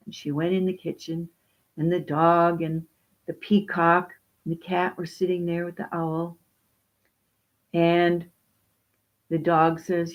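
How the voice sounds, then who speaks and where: Slow, gentle woman storyteller. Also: on the low side. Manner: slow, expressive reading. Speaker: children's storyteller.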